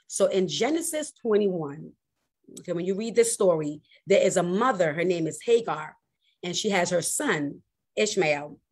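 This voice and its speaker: A woman pastor delivers a sermon in a fairly low, breathy voice. She is animated, swinging between loud exclamations and hushed, slow emphasis.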